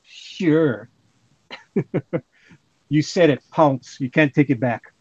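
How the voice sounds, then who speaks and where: A man's voice: fairly high pitch, takes it slowly, no room sound, muffled recording. A man hosting a casual livestream, reading chat comments aloud with jokes and laughter. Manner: jokey, laughs often. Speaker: livestream host.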